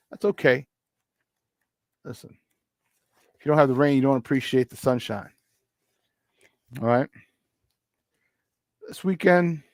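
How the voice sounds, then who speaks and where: A man with a Chicago accent hosting a morning sports talk show, loose and joking as he gives hyped shout-outs to listeners. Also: medium pitch, vocal fry, no echo, studio quality. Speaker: sports talk radio host.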